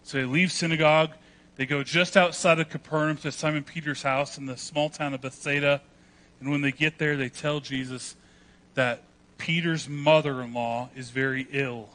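A man delivers a sermon from the pulpit with a bright, forceful voice that sits a little high. His delivery is animated, and he now and then acts out voices from the story he is telling. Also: moderate pace. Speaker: pastor.

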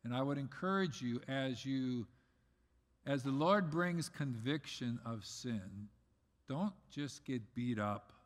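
A middle-aged man preaching a sermon as pastor, earnest, swinging between loud emphasis and soft asides. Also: medium pitch, expressive, slow pace. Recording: long reverb of a large hall.

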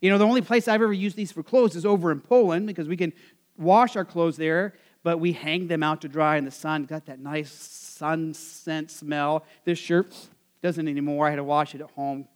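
A pastor from Nebraska delivers a relaxed, conversational sermon. He has a notably high voice for a man, leans on fillers and keeps asking the congregation questions as he talks. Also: normal speed. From Nebraska, USA. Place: church service.

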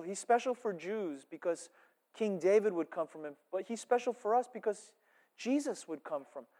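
A male pastor delivering a sermon with a high voice, rising to loud emphasis and dropping into hushed asides. His words echo through a reverberant church hall with a long tail.

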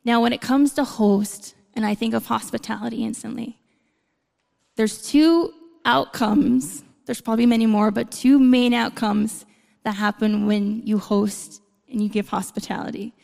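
A woman's voice: fairly high pitch, fairly even intonation, measured pace, creaky, darkish tone. A woman preaching a sermon in a conversational way, with playful asides to the congregation. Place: church hall. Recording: long hall reverb.

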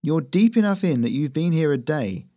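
A stern female army captain, as a male narrator puts her on, curt and commanding. Her voice is pitched well above his own, and the audiobook recording is dry and close. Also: animated, normal speed, warm tone, dry recording, lightly acted.

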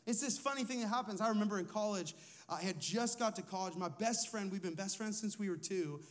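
This man's voice is high-pitched and brisk. He is a lead pastor preaching conversationally, asking the congregation questions and telling stories from his own life.

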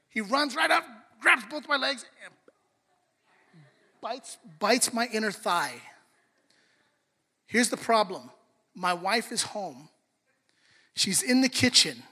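A high, very bright male voice delivers a sermon, moving from hushed asides to loud, lively bursts as he tells stories. The sound rings with the long reverb of a big hall. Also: slow, long pauses, slightly rough. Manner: animated storytelling, swings from soft to loud. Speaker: pastor.

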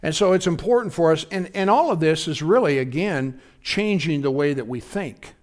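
A man's voice: a little high, expressive, normal speed, a little mellow. A man pastor giving a conversational sermon, often checking in with his congregation. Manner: conversational preaching, often asking the congregation if they follow.

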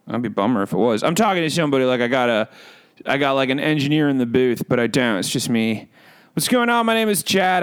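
This comedic character podcast features a man playing a hyper yet bored male bird as host, wandering off into silly self-talking tangents. Recorded in a home booth, his voice is fairly high and fairly bright.

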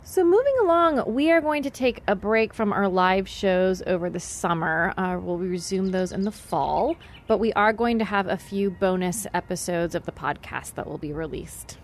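A woman co-hosting a podcast, chatting casually with quick banter and show announcements. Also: fairly low pitch, slight background noise. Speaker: podcast co-host. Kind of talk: casual chat.

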